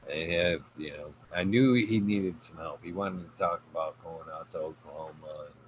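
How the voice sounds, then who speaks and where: A man's voice: deep voice, normal speed, slight background noise, poor audio. A man hosting a casual podcast, rambling with lots of fillers as he thanks his guest. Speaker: podcast host.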